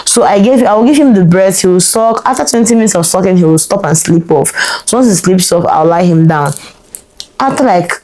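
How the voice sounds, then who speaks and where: A woman telling a personal story to camera in an animated, exclamatory way, full of rhetorical questions. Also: mid-range voice, low-quality recording. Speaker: vlogger.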